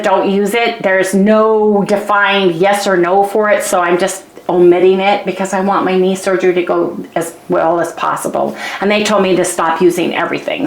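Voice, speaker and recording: A woman vlogging in a chatty, rambling way, ranting casually to her viewers. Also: mid-range voice. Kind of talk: casual vlog rant. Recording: echoey room.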